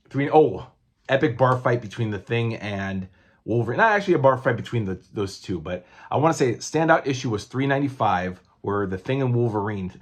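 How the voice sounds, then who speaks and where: Man in his forties, comic collector vlog, husky, low-ish voice, rambling, self-correcting. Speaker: comic book collector and reviewer. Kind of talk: casual vlog chat.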